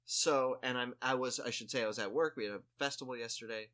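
A man's voice: mid-range voice, steady tone, quick pace, bright, forceful tone. A man telling a story in casual chat, rambling with lots of "like" and restarts and poking fun at himself. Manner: rambling, full of "like" and restarts, self-mocking.

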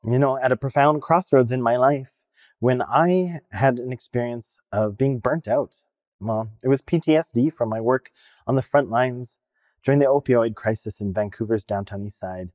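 A non-binary minister with a male-sounding voice of ordinary pitch gives a personal sermon, earnest and reflective as the stories unfold. The voice sits close and dry with no room around it. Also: moderate pace, a little mellow, dry recording.

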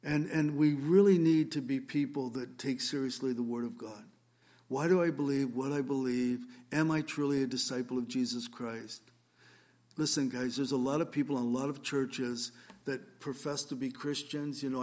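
A man's voice: mid-range voice, fairly even intonation, normal speed, darkish tone. A male pastor giving a conversational sermon, telling a story earnestly with frequent restarts.

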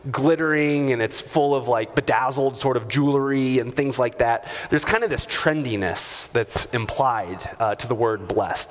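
Male pastor, mid-pitched, chatty sermon delivery, church hall with long reverb. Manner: conversational, chuckling asides, many fillers. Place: church sanctuary.

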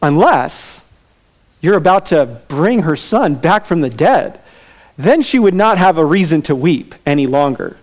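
A man preaching a sermon in a relaxed, conversational way, with casual fillers and asides. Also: fairly high pitch, measured pace. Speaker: pastor.

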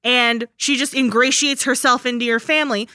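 A woman in casual, animated chat about a movie, joking and breaking into silly voices. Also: on the high side, moderate pace, no room sound, clean studio sound.

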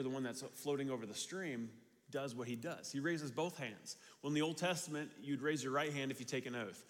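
Man preaching in a reverberant hall. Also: medium pitch. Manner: conversational preaching with repeated phrases. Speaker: pastor. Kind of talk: sermon.

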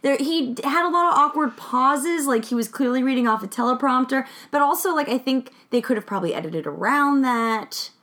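A woman's voice: sits high, animated, fairly quick, hardly any pauses, a bit bright. A woman hosting a podcast, chatting casually and jokingly about a documentary she watched. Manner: chatty, joking, does mock voices. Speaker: podcast host. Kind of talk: casual chat reviewing a documentary.

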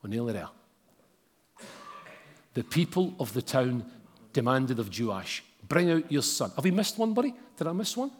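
A man's voice: medium pitch, big pitch swings, moderate pace, long pauses, husky. A man preaching a sermon and reading scripture aloud, with casual asides to the congregation. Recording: long hall reverb.

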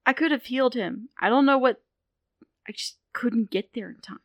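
A woman's voice: on the high side, normal speed, dry recording, pitched above the performer's own voice, close to an everyday voice. A woman playing a frustrated, guilt-ridden young healer with powers in a tabletop game. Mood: regretful. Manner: frustrated, self-blaming.

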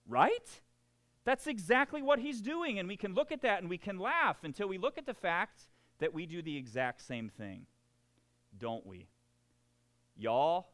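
Animated pastor preaching. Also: male voice, high-pitched, a little slow. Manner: animated, acts out quoted voices, laughs at himself. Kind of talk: sermon.

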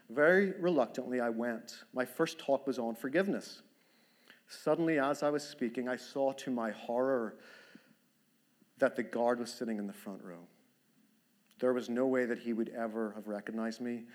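An elderly woman survivor recounts her past gravely and steadily, as a man speaks her words. The voice sits at a middle pitch and carries a sober, earnest weight throughout. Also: close to an everyday voice. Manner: steady, solemn first-person retelling.

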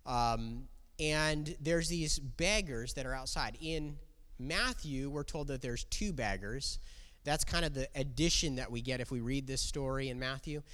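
A man's voice: medium pitch, a little slow, fairly bright tone. A man preaching a sermon as pastor, talking conversationally and asking the congregation questions. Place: church. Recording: long reverb of a church hall.

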